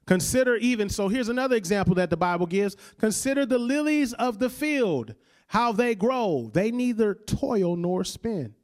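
High-voiced preaching man. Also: animated, a little mellow. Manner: conversational preaching, calls the congregation to repeat after him; slows down and drops his voice on key lines. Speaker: pastor. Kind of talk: sermon.

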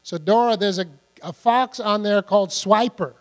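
A man's voice: high-pitched, measured pace, pauses often. Older male preacher in a reverberant hall. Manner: conversational, asks the congregation questions. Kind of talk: sermon. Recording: long hall reverb with mains hum.

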